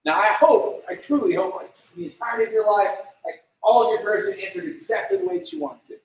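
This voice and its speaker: A man's voice: high-pitched, animated, fast. A man giving a casual youth sermon, full of "like", asking the room questions and acting out prayers in little voices. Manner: conversational, lots of "like", acts out prayers in voices. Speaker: youth pastor. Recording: echoey room from far off.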